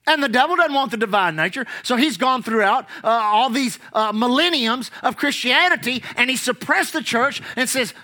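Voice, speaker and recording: A preacher with a bright, ringing tone and a voice that swings widely up and down. They read scripture and then break it down with rhetorical questions to the congregation. Key words get emphatic, drawn-out stress. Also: medium pitch, expressive. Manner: reads scripture aloud, then explains it. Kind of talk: sermon.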